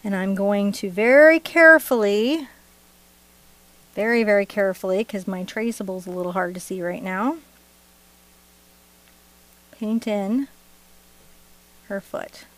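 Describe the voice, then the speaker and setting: A middle-aged art instructor runs a live-streamed painting tutorial in an unhurried, medium-pitched voice, pausing often. Between steps she chats, jokes, and laughs in a playful way.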